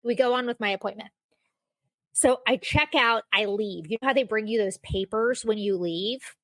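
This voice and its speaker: A woman's voice: a little high, moderate pace, a bit bright, no echo. A young woman hosting a casual solo podcast, telling a self-mocking story with lots of fillers. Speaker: podcast host.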